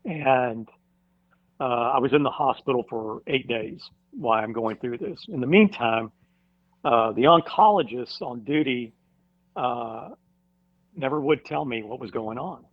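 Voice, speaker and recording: On a casual podcast interview, a firefighter shares a personal story, stumbling through many fillers and restarts. He is a man with a medium-pitched voice, captured in a dull, dry recording with no room sound.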